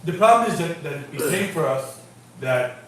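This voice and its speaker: A man's voice: fairly high pitch, lively intonation, normal speed, a crowd in the background. Man telling a story, echoey and distant. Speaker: storyteller in a group chat. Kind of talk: casual livestream storytelling. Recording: echoey room, far from mic, noisy.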